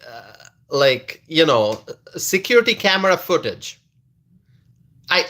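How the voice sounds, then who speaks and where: A male host with a fairly high, sharp voice gives casual political commentary on a livestream to live viewers. Laughing often and repeating lines for effect, he speaks slowly and drawn out, restarting frequently.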